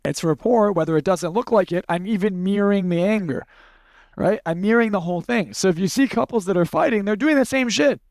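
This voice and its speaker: Blunt high-voiced man teaching a crowd. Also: fairly quick, darkish tone, dry recording. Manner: blunt, profane, storytelling with acted-out quotes. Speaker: speaker teaching a live audience. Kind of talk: casual seminar talk.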